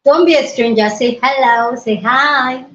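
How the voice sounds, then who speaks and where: Excitable woman live-streaming, slow-spoken, dull lo-fi phone sound. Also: high-pitched, a little hiss or hum. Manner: hyper, excitable, loud. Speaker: livestream host. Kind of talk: casual live-stream chat. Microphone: mobile phone. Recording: roomy, dull lo-fi phone audio.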